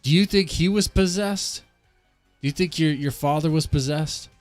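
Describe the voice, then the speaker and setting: A man's voice: a little high, moderate pace, dry recording. A male host interviewing a guest on a radio show, reacting often and repeating phrases. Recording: dry close mic with faint music.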